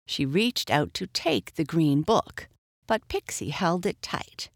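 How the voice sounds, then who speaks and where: Slow expressive woman storyteller. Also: sits low, creaky, no echo, clean studio sound. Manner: expressive, measured. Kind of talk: children's storybook reading.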